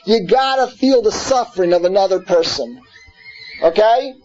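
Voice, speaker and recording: A man's voice: high-pitched, animated, moderate pace, darkish tone, muffled recording. A man teaching a scripture class in an earnest way, repeating words and putting questions to his listeners. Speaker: Torah teacher.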